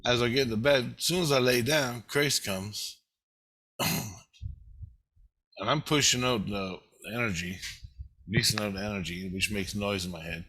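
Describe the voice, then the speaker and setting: A man's voice: fairly low pitch, normal speed, long pauses, bright, forceful tone, slightly rough. A man talking straight to the camera in a rambling monologue, agitated and swearing constantly. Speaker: vlogger. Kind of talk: rambling first-person monologue.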